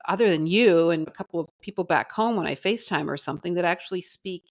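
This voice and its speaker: A woman from the Boston area with a lowish voice co-hosts a true-crime podcast. She talks with dry, self-deprecating humor and narrates case details in a measured way. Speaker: podcast co-host and former teacher.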